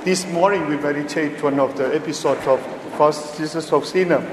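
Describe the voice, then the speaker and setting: A man preaching a homily at Mass in a slow, emphatic way, with frequent pauses and simple, non-native phrasing. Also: fairly high pitch, background noise. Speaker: priest. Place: large church. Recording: echoey church with long reverb.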